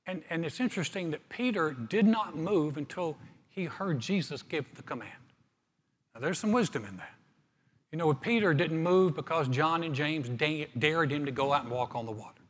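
Husky pastor in a reverberant church. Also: male voice, on the high side, animated, normal speed. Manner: reads scripture, then preaches conversationally with humor. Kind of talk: sermon.

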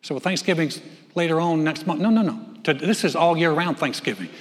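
A man preaching a sermon from the pulpit, animated, swinging from loud calls to hushed telling. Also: on the high side, brisk. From North Carolina. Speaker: pastor. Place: church sanctuary. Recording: long church hall reverb.

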